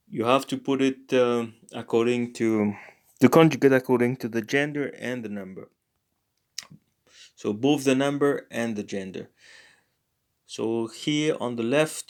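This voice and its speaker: Male language teacher, unhurried, halting delivery full of fillers. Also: mid-range voice. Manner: hesitant, many fillers and self-corrections. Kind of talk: casual spoken lesson, reading examples aloud.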